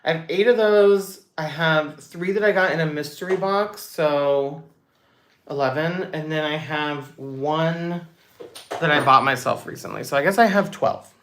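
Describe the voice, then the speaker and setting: A young woman hosting a casual livestream Q&A, reading out chat comments in a bubbly, chatty way with quick asides. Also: low voice, a bit bright, a little hiss or hum. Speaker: livestream host.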